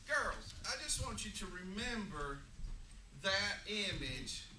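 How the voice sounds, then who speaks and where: A man's voice: high voice, big pitch swings, slow pace, bright, forceful tone. Folksy man teaching a church class. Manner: folksy, joking, drawling asides. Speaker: Sunday school teacher. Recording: echoey room, distant mic, noisy.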